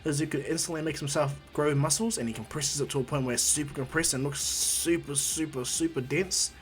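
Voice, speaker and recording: A man's voice: a little high, brisk. Male storyteller, rambling, filler-heavy, faint music bed. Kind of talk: casual fan-story retelling.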